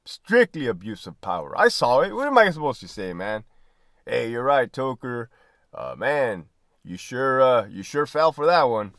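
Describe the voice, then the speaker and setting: Blunt cussing guy, ex prison lieutenant, keeps saying right? and man, pitch jumps all over. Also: dry recording, clean studio sound. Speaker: former prison lieutenant talking to viewers. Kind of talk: candid casual monologue.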